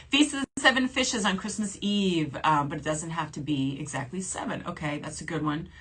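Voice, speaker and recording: A woman's voice: deep voice, lively intonation, brisk, few pauses, fairly bright tone, slightly rough. A woman in her forties from New Orleans, a shopping channel host chatting casually on a livestream, reading viewer comments aloud and laughing often. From New Orleans, USA. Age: 40s.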